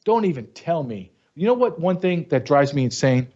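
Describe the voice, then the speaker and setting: A man hosting his own show, delivering a blunt, angry commentary monologue that keeps rising into sharp outbursts. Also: on the high side, sing-song, moderate pace, lo-fi sound. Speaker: show host.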